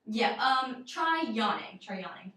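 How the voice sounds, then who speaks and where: A woman's voice: fairly high pitch, animated, unhurried, sharp tone. A young woman giving a one-on-one singing lesson, explaining in a casual, chatty way with many fillers. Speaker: voice teacher. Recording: roomy echo, mic far off.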